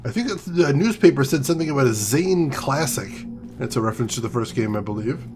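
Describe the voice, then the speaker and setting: A man's voice: mid-range voice, expressive, fast talker, a little mellow, faint music behind. A man hosting a let's play, musing and chatting aloud while he plays. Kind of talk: casual gameplay commentary.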